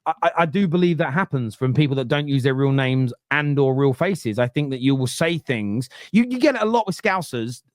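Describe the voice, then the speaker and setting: A man hosts a casual football talk show, arguing his case with emphasis and frequent restarts. His voice sits at a middling pitch and sounds close and dry, with no room around it. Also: expressive, brisk, few pauses, no room sound. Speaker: host. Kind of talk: casual football podcast debate.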